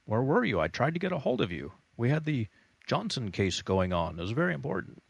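A man's voice: medium pitch, huge pitch swings, a little fast, gravelly, slightly rough, no echo, voice pushed up, exaggerated voice. A man voicing an anxious, demanding office coworker who scolds someone for being unreachable. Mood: reproachful.

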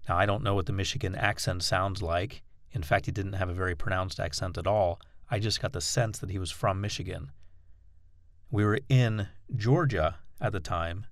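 Male instructor, lowish voice, patient step-by-step explainer, dry close recording. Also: vocal fry, dry recording. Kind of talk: instructional talk.

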